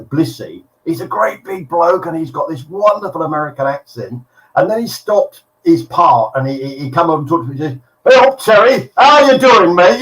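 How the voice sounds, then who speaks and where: A man telling a long joke on a video call, deadpan with chuckles. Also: on the high side, rough recording. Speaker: regular telling the joke of the week. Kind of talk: casual chat and joke telling.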